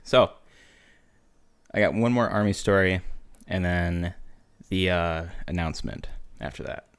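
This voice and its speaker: Male podcast host, somewhat low voice, profane and lively yarn-spinner. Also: a little slow, creaky, clean tone. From United States. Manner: profane, animated storytelling with laughter. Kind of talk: casual storytelling chat.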